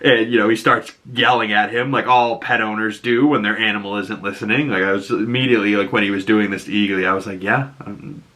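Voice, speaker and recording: A man with a Boston accent talks through a TV episode in a loose, rambling way. His voice is bright and sharp, and his asides are crude and enthusiastic. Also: lowish voice, steady tone, fast, hardly any pauses. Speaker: show reaction host. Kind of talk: casual episode breakdown.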